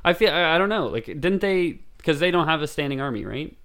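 A man's voice: on the high side, fairly quick, clear, resonant tone. A man co-hosting a casual podcast, joking and swearing freely with friends. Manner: joking, profane, animated. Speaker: podcast co-host.

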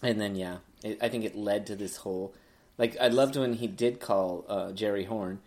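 Relaxed podcast co-host, casual chat. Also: deep voice, normal speed.

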